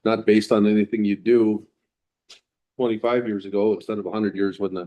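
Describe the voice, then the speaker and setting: A man's voice: lowish voice, little pitch movement, moderate pace, warm tone, dull audio. A man speaking at a town meeting, making his case casually and persuasively. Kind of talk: public meeting testimony.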